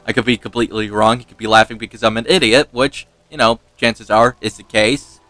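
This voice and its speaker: A man with a bright, forceful voice tells a rambling personal story over gameplay, poking fun at himself and laughing along the way. His voice is recorded dry and close, with almost no room sound. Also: on the low side, fairly even intonation, fairly quick, no echo. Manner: rambling, self-mocking, laughs often. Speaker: gaming channel host.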